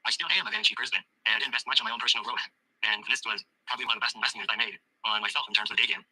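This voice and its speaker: A young man giving a coaching testimonial, rambling quickly with lots of fillers and restarts, speaking in a fairly monotone way. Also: fairly low pitch, low-quality recording. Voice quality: husky, monotone. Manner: fast, filler-heavy rambling with many restarts.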